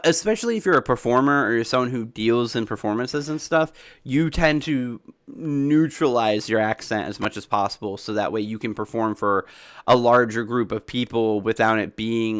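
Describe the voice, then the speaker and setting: Guy streaming, southern accent mostly neutralized, rambly and chatty, smooth voice, dry close sound. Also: no room sound. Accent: Southern US, softened toward neutral American. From Southern United States. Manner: rambling and animated, jumps in pitch when excited, many fillers. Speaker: streamer answering chat. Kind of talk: casual livestream chat.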